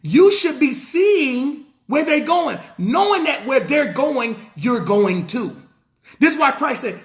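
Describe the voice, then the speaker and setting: A man's voice: extremely high pitch, expressive, takes it slowly. A man preaching a sermon as pastor, emphatic and repetitive, hammering lines again and again. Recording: roomy echo.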